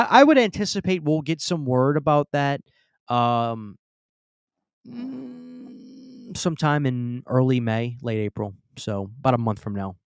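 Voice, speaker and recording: Southern guy doing a live stream q&a, chatty, stumbles and restarts, mid-pitched, dry close mic. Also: clean tone, no room sound. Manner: chatty, stammers, reads viewer comments aloud. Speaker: livestream host. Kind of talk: casual live Q&A chat. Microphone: close studio mic.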